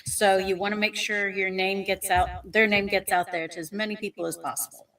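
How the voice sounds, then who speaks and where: A woman on a video call talks lightly and jokes along. Her voice sits at a middling pitch and sounds far from the microphone. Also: fairly even intonation, brisk, fairly bright tone. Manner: light and joking. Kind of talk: casual video-call meeting.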